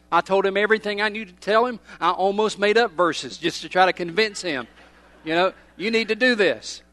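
A middle-aged man preaching a sermon as a pastor, emphatic, swinging between loud stresses and hushed, drawn-out phrases. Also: sits high, dry recording.

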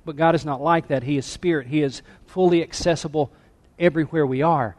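Pastor preaching in a reverberant church. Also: male voice, fairly high pitch, steady tone, brisk. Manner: dynamic, drops to a hush then rises to emphatic. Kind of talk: sermon. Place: church sanctuary.

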